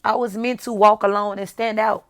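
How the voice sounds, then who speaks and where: A woman's voice: medium pitch, flat delivery, normal speed. A young adult woman vlogging candidly and emphatically, addressing her viewers directly and repeating her points. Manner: emphatic, repetitive, talks straight to viewers. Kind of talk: candid motivational vlog talk.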